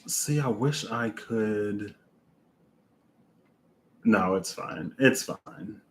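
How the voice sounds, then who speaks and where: A man reading oracle cards aloud in a casual way, with unhurried, musing asides to himself between passages. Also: fairly low pitch, fairly bright tone, a little hiss or hum. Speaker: oracle card reader.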